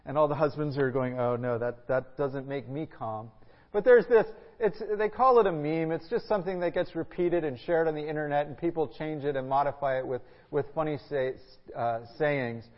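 Earnest higher-voiced preacher in echoey hall. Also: male voice. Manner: earnest, measured preaching with frequent "uh" fillers. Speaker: pastor. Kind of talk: scripture reading and sermon. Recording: echoey hall, dull lo-fi sound.

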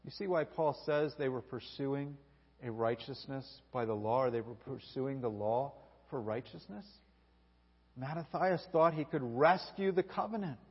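A man preaching a sermon, telling the story with animated energy and acting out the people he quotes. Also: medium pitch, normal speed, slightly rough. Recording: dull recording with long hall reverb.

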